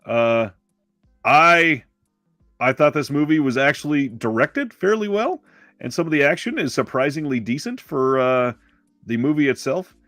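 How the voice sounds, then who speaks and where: A man's voice: on the high side, animated, unhurried, a bit bright, no echo, faint music behind. Guy on a movie podcast, rambles, lots of uh and like, dry mic. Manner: rambling, self-correcting with fillers. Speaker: podcast co-host. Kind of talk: casual movie-review chat.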